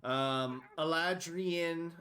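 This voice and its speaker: Slightly high-voiced man running the game. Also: very slow. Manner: relaxed, apologetic, laughs off mistakes. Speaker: game master. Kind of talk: narrating a tabletop game.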